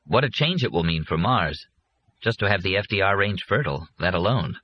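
A man's voice: low-pitched, animated, fairly quick, slight background noise. A man voicing a young man who is uneasy and doubtful, talking hesitantly with his father. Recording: muffled lo-fi recording.

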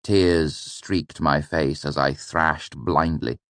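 A man narrating a first-person audiobook in a low, deep voice. His reading is measured and steady, recorded close in a dry space. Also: dry recording.

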